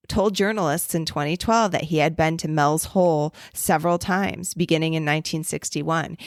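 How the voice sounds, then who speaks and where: A woman hosts a casual storytelling podcast, reading from her notes in a slightly low voice. She breaks off into offhand, swearing asides. The sound is close and dry. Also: no room sound. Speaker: podcast co-host.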